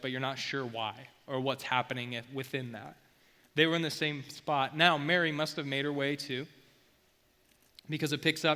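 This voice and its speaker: A man preaching in a relaxed, slangy way, reading scripture and explaining it as he goes. His voice sits a bit high and sounds bright and forceful. A long hall reverb trails after his words. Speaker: youth pastor. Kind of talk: sermon.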